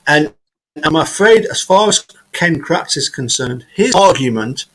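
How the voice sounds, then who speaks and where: A man hosting a live online chat, his voice sitting a bit higher than most men's. He talks in halting bursts, repeating words as he feels his way through each thought, heard over a video call. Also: animated, a bit bright, low-quality recording. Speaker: host.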